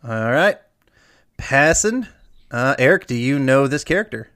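A man hosting a trivia game, reading questions aloud and drawing out the verdicts. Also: mid-range voice. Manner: lively, drawn-out emphasis on answers. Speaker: quiz host.

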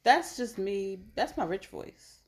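A woman co-hosting a podcast in casual chat, playful and quick to joke. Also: mid-range voice, lively intonation. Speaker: podcast co-host.

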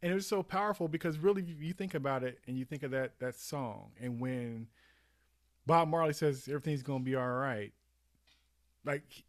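A man co-hosting a casual podcast, talking in a rambling, animated way with many restarts. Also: medium pitch, moderate pace, dry recording, clean studio sound. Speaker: podcast co-host. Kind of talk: casual chat.

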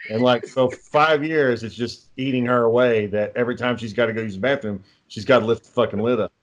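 A man's voice: medium pitch, a little fast, muffled recording. A man telling dry, profane anecdotes in casual podcast chat. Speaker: co-host.

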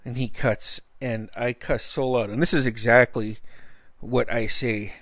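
Man, mid-pitched, dry, profane casual storyteller vlog. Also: fairly even intonation, unhurried, a bit bright, no room sound. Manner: profane, blunt, rambling anecdote. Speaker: vlogger.

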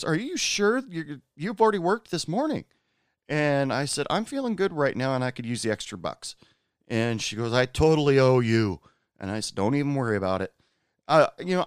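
Chatty restaurant guy rambling on, kinda low voice, dry close sound. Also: smooth, dry recording. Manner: rambling, many fillers, acts out quoted voices. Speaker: restaurant worker. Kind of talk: casual storytelling monologue.

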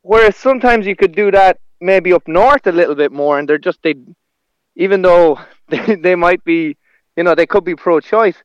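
Rambling comedian, clear and dry. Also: male voice, high voice, moderate pace, dry recording, highs cut off. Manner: rambling, with restarts and laughs. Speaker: stand-up comedian. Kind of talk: casual conversation.

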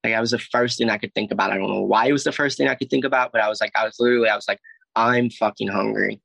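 A man's voice: on the low side, steady tone, very fast, gravelly, a bit bright, no room sound, low-quality recording. A young man from Alabama, telling a personal story in a casual, rambling way full of "like" and swearing. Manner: rambling, heavy "like" and "I was like", frequent swearing. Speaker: guest telling his story.

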